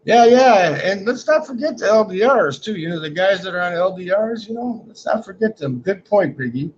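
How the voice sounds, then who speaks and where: This livestream host speaks in a high, brisk voice with lively intonation, reading chat comments aloud and joking in a rambling way, often closing lines with "man." The stream audio is dull and lo-fi, with slight background noise.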